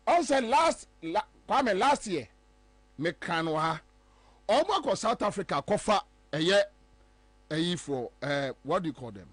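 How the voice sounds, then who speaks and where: An animated Ghanaian man hosts a political talk show, hammering his points home with emphasis. His voice sits high, and the recording is dry and close. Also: breathy edge, no echo. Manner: animated, emphatic, switching between English and Twi. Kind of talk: political commentary.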